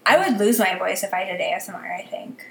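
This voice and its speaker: A woman co-hosting a podcast, chatting casually and teasing the others with quick interjections. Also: mid-range voice, animated, vocal fry, a bit bright, reverberant. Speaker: podcast co-host. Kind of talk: casual chat.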